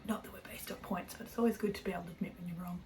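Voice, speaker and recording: A woman's voice: fairly low pitch, steady tone, very fast, vocal fry, noisy background. A young Australian woman hosting a knitting podcast, chatting casually and rambling a little, correcting herself and laughing often. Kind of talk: casual chat to camera.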